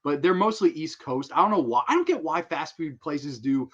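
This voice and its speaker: A man chats casually on his own livestream, easily excited and quick to laugh. His talk is loose and full of swearing, pitched a little high for a man. The recording sounds slightly muffled and lo-fi. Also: slightly rough. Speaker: livestream host.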